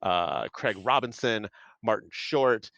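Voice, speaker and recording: Rambling, excited low-voiced man. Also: slow pace, creaky, no room sound, muffled recording. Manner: rambling, enthusiastic, many fillers. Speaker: panelist. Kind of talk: casual movie review chat.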